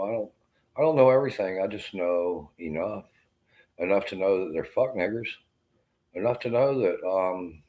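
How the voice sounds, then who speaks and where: A man with a very low, deep voice delivers a rambling, bitter rant full of swearing. He sounds like he is hurting and feeling unwell as he talks to the camera.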